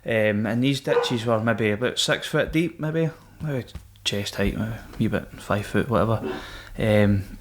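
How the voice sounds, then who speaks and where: A man's voice: lowish voice, a little slow, few pauses, background noise. A Scottish man, a podcast guest, telling his story in a frank, casual way and swearing freely. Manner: frank, swears often, laughs things off. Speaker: podcast guest, former Royal Marine.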